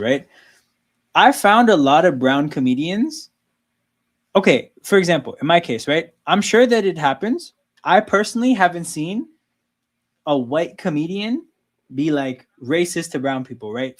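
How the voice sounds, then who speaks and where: A man hosting a casual sports watchalong livestream, talking loosely and filling his talk with "like" and "right?". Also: a little high. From Canada. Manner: loose, conversational, frequent "like" and "right?". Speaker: livestream host.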